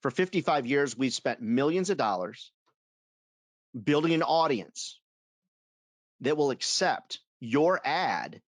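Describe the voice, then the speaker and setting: A man leading a sales webinar for advertising reps, telling stories in an animated, self-amused way. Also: mid-range voice, slow pace, pauses often, dry recording. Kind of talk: webinar talk.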